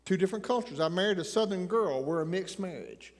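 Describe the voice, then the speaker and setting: A man's voice: sits high, lively intonation, quick pace. A man in his sixties with an Appalachian accent, preaching a folksy sermon full of jokes and rambling asides. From Tennessee mountains, Appalachia. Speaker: pastor. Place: church sanctuary. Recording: long reverb of a church hall.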